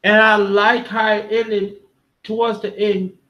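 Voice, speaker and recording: A man's voice: sits high, little pitch movement, takes it slowly, sharp tone. A man from Brooklyn, New York, talking casually and with feeling, rambling and restarting as he recounts a story. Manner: rambling, heartfelt, with many restarts. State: emotional. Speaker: panel host.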